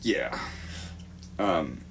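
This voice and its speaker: Male podcast co-host, low voice, casual rambling delivery with lots of fillers and profanity. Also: animated, drawn-out words, vocal fry, noisy background. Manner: rambling, hesitant with many fillers, swears freely. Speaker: podcast co-host presenting a true crime report.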